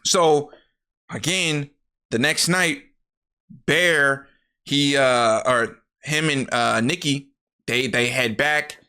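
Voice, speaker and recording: A young man casually recapping a movie plot to his viewers, animated and profane, jumping into the characters' lines as he goes. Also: takes it slowly, pauses often, smooth. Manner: animated, profane, acts out characters' lines in jumpy higher voices.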